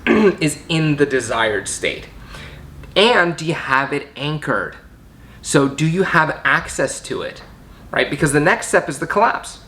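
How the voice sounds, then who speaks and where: A man's voice: on the high side, sharp tone, a little hiss or hum. A man teaching a coaching method, explaining step by step and often checking in with "right?". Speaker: coaching trainer. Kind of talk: teaching video.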